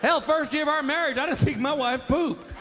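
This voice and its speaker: A middle-aged man doing stand-up comedy, telling stories in an animated, exasperated way and slipping into put-on voices. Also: extremely high pitch, fairly quick. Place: comedy stage before a live audience. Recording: live show with loud crowd noise.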